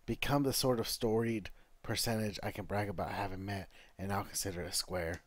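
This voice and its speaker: A man voicing a chatty, folksy male traveling merchant with rough, rambling speech while reading game dialogue aloud. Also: on the low side, fairly even intonation, brisk, no echo, lightly acted. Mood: hushed.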